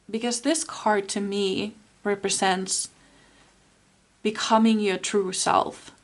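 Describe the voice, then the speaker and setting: A woman giving a spoken tarot reading, soft and earnest, with many fillers. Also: medium pitch. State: tearful, emotional. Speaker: tarot reader.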